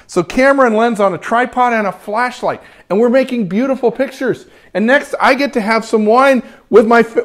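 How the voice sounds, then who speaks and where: A cheerful man with a fairly high voice for a man walks viewers through a photography demo as he works. He keeps up a friendly running chatter full of quick praise and is eager to encourage his audience. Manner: upbeat and chatty, lots of praise words. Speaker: photography teacher hosting a live stream. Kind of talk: live demo, talking while working.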